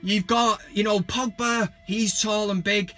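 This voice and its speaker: A man's voice: sits high, unhurried, soft background music. A man, ranting about football in a sarcastic, sweary, comic way. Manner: sweary, sarcastic, bursts of mock excitement. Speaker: football vlogger. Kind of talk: casual comic rant.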